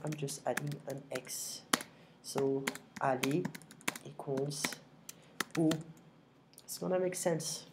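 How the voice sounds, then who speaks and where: A woman's voice: sits low, heavy background noise. A woman teaching in a casual online lesson, patient and repetitive, checking in with "okay?", recorded at home on her computer microphone. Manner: patient, repeats phrases slowly, frequent "okay?". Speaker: French teacher. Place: home, next to her kitchen.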